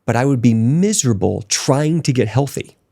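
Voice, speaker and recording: A man as a podcast guest, telling his own story in a casual interview, emphatic and motivational, and he grows more excited as he goes. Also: medium pitch, normal speed, vocal fry.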